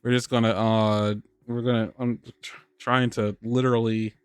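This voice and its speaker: A man's voice: medium pitch, level tone, normal speed, clear, resonant tone, no room sound. A man hosting a live podcast, chatting casually and rambling, restarting his sentences and laughing often. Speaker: podcast host. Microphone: studio microphone on a live stream.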